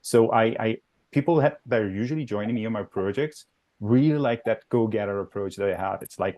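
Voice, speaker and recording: A man on a panel, energetic and fluent, hedging his lines with "kind of" and "really". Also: fairly low pitch, a little fast. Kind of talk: panel discussion.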